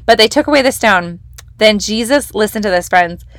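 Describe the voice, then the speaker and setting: A woman's voice: mid-range voice, expressive, moderate pace, no echo. A young woman hosting a devotional podcast, teaching from the Bible in a casual, enthusiastic, emphatic way. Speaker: podcast host leading a devotional.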